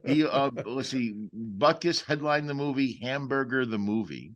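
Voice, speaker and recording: A man co-hosting a podcast, chatting casually and with enthusiasm, full of trivia and quick opinions. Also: mid-range voice. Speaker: podcast co-host. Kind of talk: casual chat.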